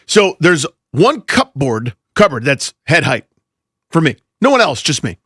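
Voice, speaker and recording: A man co-hosting a sports radio show in casual chat, telling stories in an animated way. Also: a little high, normal speed, breathy edge, dry recording, studio quality. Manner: animated, storytelling. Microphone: studio microphone.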